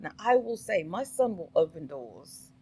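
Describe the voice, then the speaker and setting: A middle-aged woman talks through a reaction clip in a slow, deliberate way. Her voice sits a little low. She is opinionated and fond of rhetorical questions. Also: sing-song, warm tone, breathy edge, low-quality recording. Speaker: commentary vlogger. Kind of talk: casual reaction commentary.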